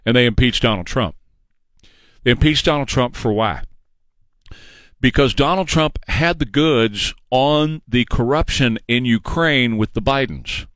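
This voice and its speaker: A man's voice: mid-range voice, a little slow, a bit bright, no room sound. A man giving an opinionated political monologue, emphatic and sarcastic, repeating phrases for effect. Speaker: political commentator.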